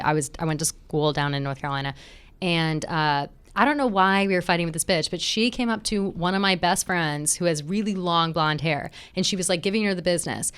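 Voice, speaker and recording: Young female podcast co-host, casual storyteller, swears a lot, smooth clear tone. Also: lowish voice. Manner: animated storytelling, swears freely, says "like" a lot. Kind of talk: casual chat.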